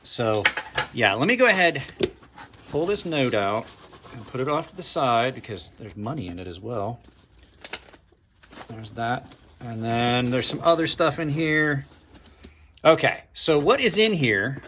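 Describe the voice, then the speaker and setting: Over slight background noise, this man hosts a laid-back knife unboxing vlog, his medium, fairly bright voice addressing viewers as he opens packages. He reviews knives for his channel, musing aloud, leaving sentences unfinished and adding dry sarcasm.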